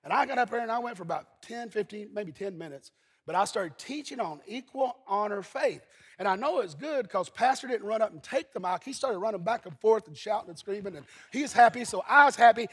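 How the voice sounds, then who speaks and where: Husky high-voiced man preaching in a hall. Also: lively intonation, brisk. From Eastern Kentucky. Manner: folksy storytelling, bursts into shouting. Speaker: pastor. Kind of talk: sermon. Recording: husky voice in a long-reverb hall.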